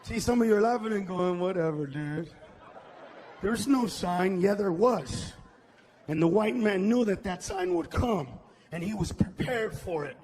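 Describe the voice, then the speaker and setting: A man performing a loud stand-up comedy routine, shouting punchlines and acting out characters. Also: sits high, expressive, normal speed. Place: comedy stage.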